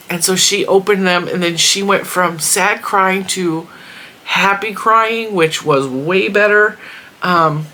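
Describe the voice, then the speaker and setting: A woman's voice: lowish voice, measured pace, pushed and bright, a little hiss or hum. A middle-aged woman chatting casually, telling rambling personal stories with frequent laughs. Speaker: crochet vlogger. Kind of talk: casual chat.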